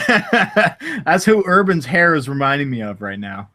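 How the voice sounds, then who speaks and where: A man's voice: a little high, big pitch swings, a little slow, bright, forceful tone. A man hosting a podcast in casual chat, laughing often and rambling with restarts. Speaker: podcast host.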